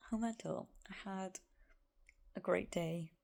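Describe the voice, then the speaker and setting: A woman in her thirties chatting casually to camera as a vlogger, rambling with lots of asides and often slipping into a soft whisper. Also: mid-range voice, slow pace, vocal fry. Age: 30s. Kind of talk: casual vlog chat to camera.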